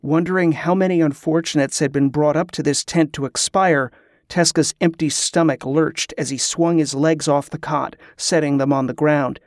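A man narrating a fantasy novel in a steady, measured way. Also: fairly high pitch, no room sound, clean studio sound. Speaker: audiobook narrator.

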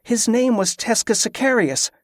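A woman's voice: fairly high pitch, expressive, normal speed, no echo, studio quality, pitched above the performer's own voice. A man voicing a firm, urgent young woman guard who gives orders. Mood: commanding.

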